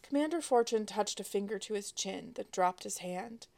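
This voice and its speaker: A woman, the author, narrating her space adventure novel aloud in a wry, expressive way. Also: medium pitch, normal speed, gravelly. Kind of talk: audiobook narration.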